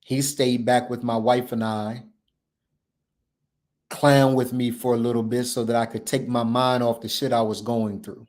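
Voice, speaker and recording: A man hosting a show, speaking in an impassioned motivational talk with an emphatic, repetitive, preacher-like cadence. He moves between loud declarations and low, hushed passages. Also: level tone, a little slow. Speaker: show host.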